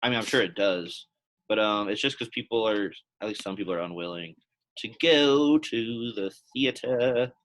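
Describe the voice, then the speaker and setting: A young man teaching a Latin class in a relaxed, chatty way, with plenty of fillers. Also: lowish voice, moderate pace, rough recording. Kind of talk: casual classroom lesson.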